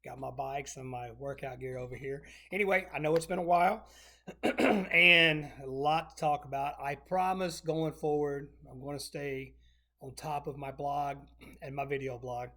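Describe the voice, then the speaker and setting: A middle-aged man chatting casually to camera from his home exercise room, rambling, restarting phrases and clearing his throat. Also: medium pitch, bright, forceful tone. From North Texas. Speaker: vlogger.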